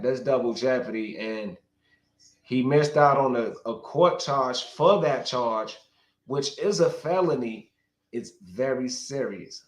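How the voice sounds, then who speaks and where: A man's voice: medium pitch, reverberant. A man giving rambling livestream commentary, heated and profane, talking straight to his chat.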